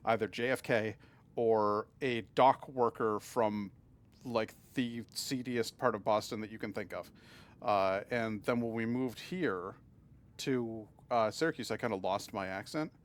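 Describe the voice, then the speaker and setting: A man from Massachusetts streaming a game, chatting casually with his viewers and often stumbling over and restarting his sentences. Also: fairly low pitch. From Massachusetts, USA. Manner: chatty, often restarts and stammers, reads and answers chat. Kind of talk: casual live-stream chat while gaming.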